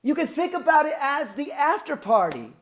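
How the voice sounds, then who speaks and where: A boisterous, pushy young man calls out from across the room, high and loud, coaxing everyone along, as a woman puts him on. His voice is eager and teasing, like a friend who never lets a party end. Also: very animated, normal speed. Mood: cheering.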